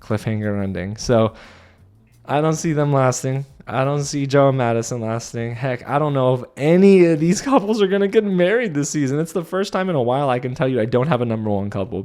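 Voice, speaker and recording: A man hosting a casual reality-show recap from a studio set, talking in an animated way and acting out lines in other voices. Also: medium pitch, a little fast. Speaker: TV recap host.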